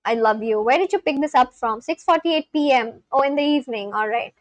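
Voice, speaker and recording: A woman hosts a casual live stream in a high, brisk voice, captured on a dry, low-quality recording. Chatty, she reads out viewers' messages, answers them and laughs often.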